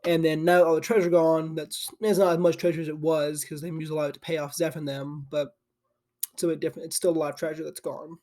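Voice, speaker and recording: A young man recorded at his desk, in a slightly high voice. He talks in a loose, sleepy ramble, and his thoughts keep looping back on themselves. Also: level tone, fast, darkish tone. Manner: loose and chatty, full of "like" and restarts. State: sleepy and yawning. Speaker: anime channel host. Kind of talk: casual rambling retelling. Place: home desk with a camera.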